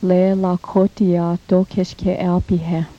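Slow, flat-voiced woman teaching a language lesson. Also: lowish voice. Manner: slow, measured, repeats each phrase for practice. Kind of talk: recorded language lesson drill. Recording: dull lo-fi cassette tape.

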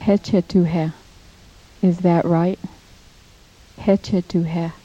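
A woman teaching a recorded language lesson, saying each phrase slowly and repeating it for practice, on a dull lo-fi cassette tape. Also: lowish voice, steady tone, mellow.

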